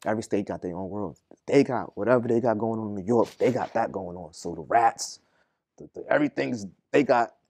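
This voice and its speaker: Fast-talking young man. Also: lowish voice, darkish tone, breathy edge. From Boston, Massachusetts. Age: young adult. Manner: rapid slang-heavy storytelling, repeats "you feel me". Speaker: guest. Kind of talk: casual prison story interview.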